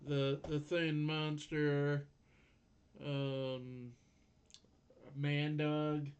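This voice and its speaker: A man's voice: a little high, flat delivery, extremely slow, muffled recording. A man casually talking through anime episodes with a friend, restarting words and chuckling between points. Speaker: podcast co-host. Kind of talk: casual anime recap chat.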